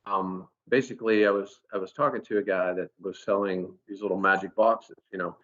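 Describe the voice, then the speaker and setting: A man's voice: low-pitched, brisk. Engineer guy telling a story, lots of restarts, kinda muffled lo-fi sound. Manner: animated anecdote-telling with frequent restarts. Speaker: engineer at a company experience center. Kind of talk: casual storytelling in a recorded talk. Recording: dull lo-fi sound.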